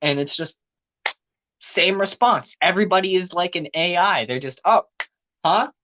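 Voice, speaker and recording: A teenage boy co-hosting a podcast, telling stories in an animated way and swearing freely. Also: sits high, normal speed. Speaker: podcast co-host. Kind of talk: casual chat.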